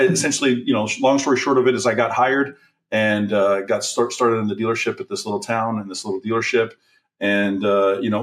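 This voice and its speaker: A middle-aged man recounts his start in sales with candid energy, talking through plenty of fillers and restarts. His voice sits at an ordinary pitch for a man. He is set a little back from the microphone. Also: fairly bright tone, distant mic. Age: 40s. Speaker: guest, car sales trainer. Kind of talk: storytelling in a podcast interview.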